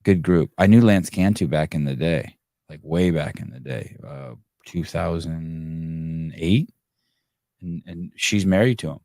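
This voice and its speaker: In a clean, dry studio recording, a middle-aged man with a warm bass voice speaks at a measured pace. He's hosting a podcast, rambling casually through a live-show monologue and letting the profanity fly when frustrated.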